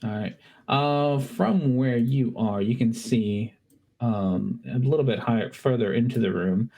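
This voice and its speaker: A man running a tabletop game as game master, talking haltingly with many fillers over an online call. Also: mid-range voice, warm tone, a little hiss or hum.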